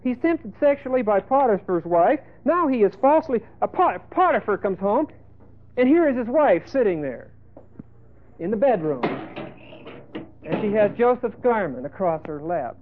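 A male preacher giving a folksy sermon, emphatic, with sudden loud bursts and asides. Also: sits high, very animated, normal speed, slight background noise. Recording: tinny phone-like lo-fi sermon tape.

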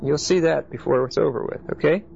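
A man's voice: fairly high pitch, fairly quick, creaky, darkish tone. A man teaching a Bible study class, explaining each point and often checking in with his listeners. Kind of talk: Bible study lecture to a group. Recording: dull lo-fi recording with faint background hiss.

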